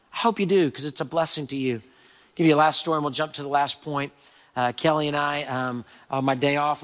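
A man preaching a sermon, telling a story with sudden loud and soft swings. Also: fairly high pitch. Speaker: pastor. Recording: hall reverb.

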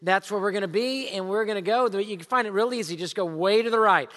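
Lively pastor in a reverberant hall. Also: male voice, high voice, quick pace. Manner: lively storytelling, swings between loud and hushed. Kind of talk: sermon.

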